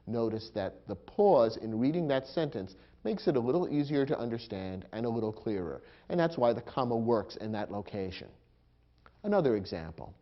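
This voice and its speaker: A man narrates an educational lesson in a patient, explanatory way, and his pitch rises and falls a lot as he stresses points. The recording sounds a little dull and lo-fi. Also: big pitch swings, normal speed. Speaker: teacher. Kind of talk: scripted instructional narration.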